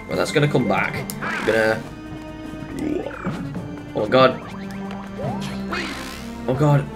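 A let's-play gamer giving casual gameplay commentary, excitable, often exclaiming and laughing, with rambling jokey asides. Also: mid-range voice, takes it slowly, music in the background.

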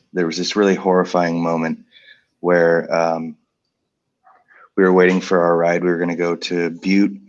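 A man telling a personal story in a casual panel, halting and pausing with fillers. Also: sits low, lo-fi sound. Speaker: guest author. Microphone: video call.

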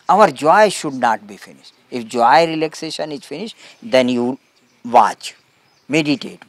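A man giving a spiritual talk to a gathering in simple, broken English, calmly repeating short phrases. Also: mid-range voice, dry recording. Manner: calm, emphatic contrasts. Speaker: spiritual teacher.

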